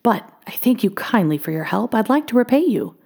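A woman voicing a tiny, mischievous male leprechaun with a high, shrill voice in a storybook reading. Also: sing-song, a little fast, creaky, darkish tone, heavily acted. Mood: sly.

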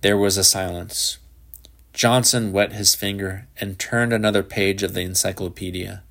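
A man with a fairly low voice narrates a short story in a measured, even way. His delivery is steady scripted storytelling for an audiobook. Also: vocal fry. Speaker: audiobook reader.

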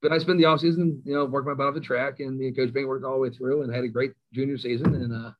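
A middle-aged man spins a rowdy yarn about his coaching days, and he often pokes fun at himself. His voice sits at an ordinary pitch. The recording sounds a little dull and lo-fi. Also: very fast. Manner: animated, self-mocking storyteller. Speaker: high school football coach. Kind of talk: storytelling in an interview.

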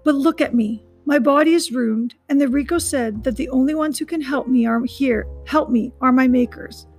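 A woman voicing a gentle, caring female robot. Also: sits high, normal speed, soft background music. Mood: resolute.

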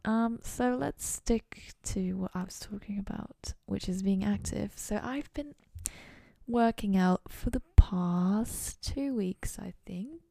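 Chatty young woman with a gravelly fry. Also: medium pitch, dark tone, dry recording, clean studio sound. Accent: playful put-on accent. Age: young adult. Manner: chatty, rambling, self-mocking. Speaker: university student podcaster. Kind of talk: casual solo chat.

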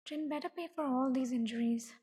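A woman's voice: sits high, a little fast, dark tone, husky. A woman reading the lines of a grumpy, suspicious middle-aged father in a story, speaking curtly. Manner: curt and suspicious. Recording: long echoing reverb.

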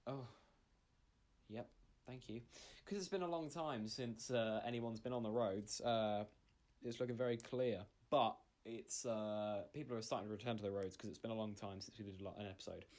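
A man's voice: on the low side, moderate pace, darkish tone. A man hosting a comedy podcast, rambling and stammering through an improvised story that builds into a rant. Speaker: podcast host.

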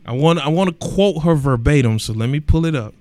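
Man hosting a podcast, casual and emphatic, goes big and loud when making a point. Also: on the high side, a little fast, dry recording. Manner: animated and emphatic, rising to loud exclamations; colloquial, repeats words for emphasis. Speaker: podcast host.

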